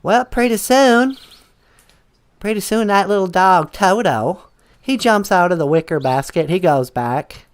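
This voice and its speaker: A woman's voice: mid-range voice, measured pace. A woman telling a story in a playful, rambling way, with hesitant restarts. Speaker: guest storyteller. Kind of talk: casual storytelling.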